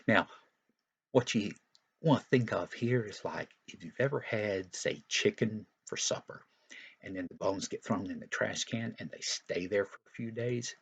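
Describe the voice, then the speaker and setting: Male Sunday school teacher, low, gravelly voice, folksy storyteller who explains as he goes. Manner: folksy and explanatory, with frequent asides. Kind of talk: retelling a Bible story for young children.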